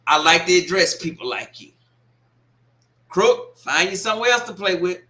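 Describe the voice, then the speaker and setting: Man, casual livestream chat, high voice, roomy echo. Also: normal speed. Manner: animated, laughing, swearing, scolding a commenter. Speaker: watch party livestream host. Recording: echoey room.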